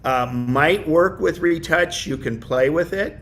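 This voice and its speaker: A man's voice: fairly high pitch, unhurried, fairly bright tone, slight background noise. A man leading a casual online tech class over a video call, talking loosely with many fillers and restarts. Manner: rambling, lots of fillers and restarts. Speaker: class presenter.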